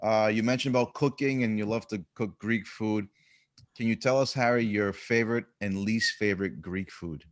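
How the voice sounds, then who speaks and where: A male podcast host with a voice on the low side. He works through his prepared questions in an easygoing, conversational way and keeps the interview moving. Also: moderate pace. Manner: asks scripted questions in a relaxed way. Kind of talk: casual interview.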